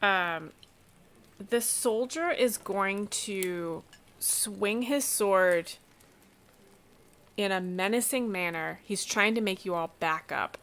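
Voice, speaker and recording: A woman acting as game master of a tabletop role-playing game, narrating and pausing to think aloud while she works a map program. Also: medium pitch, a bit bright, clear, resonant tone. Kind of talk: running a tabletop game over a call.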